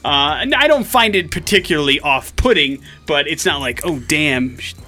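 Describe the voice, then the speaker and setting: A man trades relaxed, joking banter as a morning radio co-host. His voice sits a little high and sounds bright and forward. A faint music bed plays under the studio talk. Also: normal speed. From Midwest.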